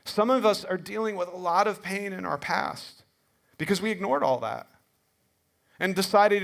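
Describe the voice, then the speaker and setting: A middle-aged man preaching a sermon in a church, telling stories in a conversational, animated way with frequent restarts. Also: sits high, measured pace, vocal fry. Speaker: pastor. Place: church sanctuary.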